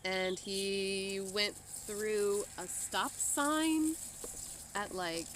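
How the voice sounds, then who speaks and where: A woman's voice: mid-range voice, very slow, a bit bright, a little hiss or hum. A woman chatting casually with her husband, laid-back, telling her own stories with dry remarks. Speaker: host, diamond painting vlogger. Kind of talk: casual chat, storytelling. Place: garden outdoors. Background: faint outdoor ambience.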